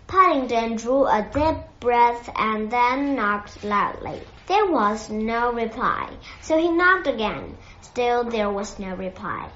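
A woman reading a children's novel aloud in a gentle, measured storytelling manner. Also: on the high side, expressive. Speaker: narrator. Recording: echoey muffled lo-fi recording.

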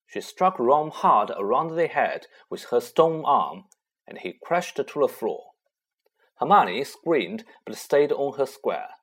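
A man narrating a children's fantasy novel aloud with expressive storytelling and a husky voice. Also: medium pitch. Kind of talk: audiobook reading.

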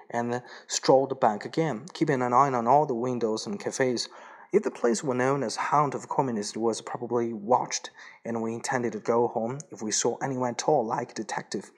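A man reads a story aloud at a middling pitch. His narration is plain and steady. Now and then he stumbles and restarts a word. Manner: plain reading with small slips and restarts. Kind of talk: audiobook reading.

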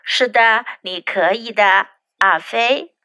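A woman voicing a patient storybook mother, gentle and firm, bright and slow, close dry sound. She coaxes rather than scolds, with a light, high-set tone. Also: no echo. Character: patient mother teaching her son manners.

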